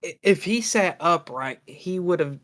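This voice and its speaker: A young man hosting a casual podcast, leading the segments in a relaxed way and swearing now and then. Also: fairly high pitch, measured pace, crowd noise. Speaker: podcast host.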